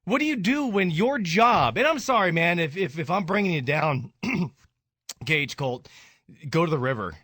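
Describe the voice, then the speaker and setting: Grieving openly on air, a radio host speaks with raw emotion that builds to anger. He sounds slightly high, expressive, and a bit bright at a moderate pace, in echo-free studio-quality audio.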